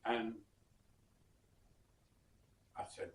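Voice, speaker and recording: A man from southern England recalls an old gig, pausing to think and chuckling softly as he goes. He speaks slowly, at a relaxed, drawn-out pace. The recording is roomy, with his voice set a little back from the mic. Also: medium pitch. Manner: unhurried, reflective, with soft chuckles and hesitations. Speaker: musician and bandleader. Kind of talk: personal anecdote storytelling. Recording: roomy sound from some distance.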